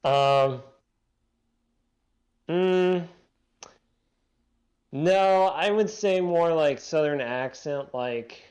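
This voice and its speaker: Male podcast co-host, slow, unhurried delivery, hesitant and easygoing. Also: on the high side, a little mellow. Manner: laid-back, hesitant, many "I mean"s. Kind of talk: casual chat about movies.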